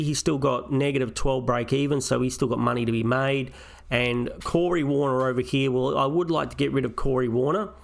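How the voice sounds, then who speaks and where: A man's voice: mid-range voice, gravelly. A man hosting a casual solo review of his fantasy football team, thinking aloud as he weighs his options step by step. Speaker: fantasy football channel host.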